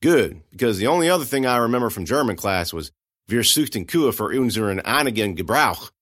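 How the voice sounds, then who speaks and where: A man's voice: medium pitch, big pitch swings, fairly quick, a bit bright, no room sound, clean studio sound. A man voicing a plainspoken, stubborn but kind young farm woman who talks in a folksy, reassuring way. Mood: patient.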